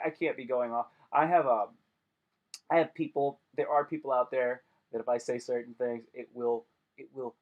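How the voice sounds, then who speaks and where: A young man chatting casually on a live stream, joking and rambling with lots of slang. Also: mid-range voice.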